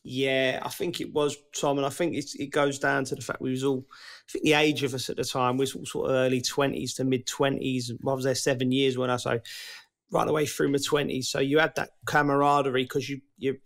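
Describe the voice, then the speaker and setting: A man's voice: mid-range voice, little pitch movement, brisk, fairly bright tone. Chatty man telling stories. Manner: chatty, laughing storyteller, drops "mate". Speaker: podcast co-host. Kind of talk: casual podcast chat.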